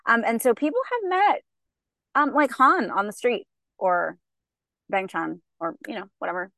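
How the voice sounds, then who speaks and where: A woman's voice: a little high, moderate pace, creaky, pushed and bright, dry recording. A woman co-hosting a podcast, chatting casually and enthusiastically, rambling with many fillers. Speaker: podcast co-host. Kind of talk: casual fan chat.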